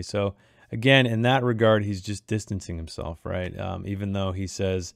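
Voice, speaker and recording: A man's voice: sits low, fairly even intonation, normal speed, creaky, no room sound, clean studio sound. A man talking casually about a short story he wrote, thinking aloud with many restarts. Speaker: author discussing his own short story. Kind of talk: casual commentary on his writing.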